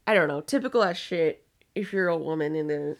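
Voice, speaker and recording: A woman's voice: deep voice, fairly quick. A young woman co-hosting a podcast, telling work stories in a blunt, casual way and swearing freely. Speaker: podcast co-host. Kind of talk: casual chat.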